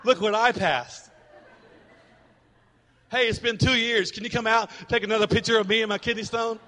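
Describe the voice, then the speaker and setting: A man's voice: sits high, fairly even intonation, moderate pace, sharp tone, voice pushed up. A man voicing a showy, boastful man proud of his kidney stone, in an echoey hall.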